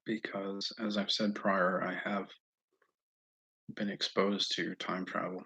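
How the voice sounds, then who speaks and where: A man talking casually to viewers about himself, in a halting, rambling way with frequent restarts. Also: low-pitched, little pitch movement, gravelly, pushed and bright, slightly rough, poor audio. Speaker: self-styled presidential hopeful. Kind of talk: casual monologue to camera.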